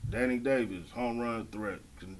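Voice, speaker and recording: Coach guest, man, steady storyteller, mid voice, faint ambience behind. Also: medium pitch, measured pace, a little hiss or hum, poor audio. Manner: steady storytelling, listing players. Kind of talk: casual sports chat.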